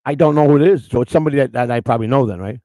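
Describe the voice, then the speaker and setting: A man's voice: medium pitch, rapid-fire, mellow, no echo, rough recording. A man co-hosting a live-streamed morning show, chatting in a crude, rambling way, repeating words and greeting people in the chat.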